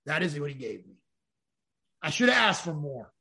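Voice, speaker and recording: Male guest, higher-than-average bright voice, candid storyteller who rambles and swears. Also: sing-song, normal speed, creaky. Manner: rambling, frank, swears, acts out quoted dialogue. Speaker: podcast guest.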